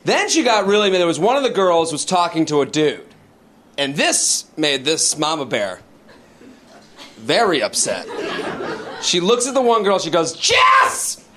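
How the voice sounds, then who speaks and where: A man performing a stand-up comedy set, animated and shouting out the lines he mimics. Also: fairly high pitch, moderate pace, long pauses. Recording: live club set with audience noise. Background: audience laughter.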